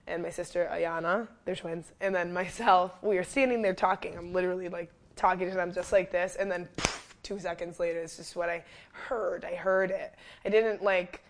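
A young adult woman with a lowish voice tells her story as an interview guest. She talks casually with plenty of fillers and bursts into loud, high quotes of herself. Her delivery stays animated and candid. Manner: animated, lots of fillers, acts out quotes loudly. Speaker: fitness trainer and wellness coach, guest.

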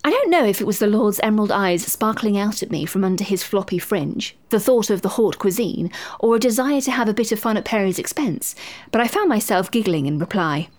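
A woman narrating a story in a wry, expressive way. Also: mid-range voice, fairly quick.

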